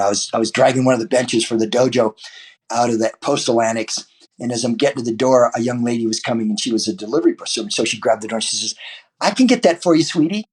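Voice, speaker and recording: A man's voice: fairly low pitch, slightly rough. A man, a martial arts teacher, talking as a podcast guest in a loose, rambling way with many restarts and fillers. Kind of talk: podcast interview guest, casual talk.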